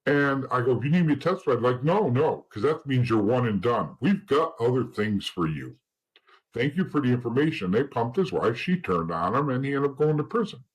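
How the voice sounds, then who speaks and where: A man's voice: mid-range voice, very animated, brisk, husky, poor audio. A man guest in an interview, telling stories in blunt casual talk with swearing and acting out the dialogue of the people in them.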